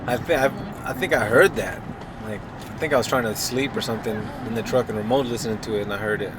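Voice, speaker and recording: A man's voice: on the low side, quick pace. Rambling man chatting over traffic noise. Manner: rambling, laughs often, heavy fillers. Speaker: podcast host. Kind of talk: casual chat.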